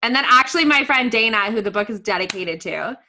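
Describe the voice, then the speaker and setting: A young woman on a podcast, telling an emotional story quickly and swearing freely. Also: on the high side, expressive, bright, forceful tone, a little hiss or hum. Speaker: podcast guest, author. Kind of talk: casual podcast chat.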